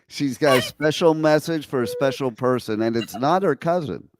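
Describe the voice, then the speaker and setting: A man's voice: mid-range voice, animated. A man co-hosting a casual comedic chat, cutting in with teasing questions. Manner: teasing, quick interjections. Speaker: co-host.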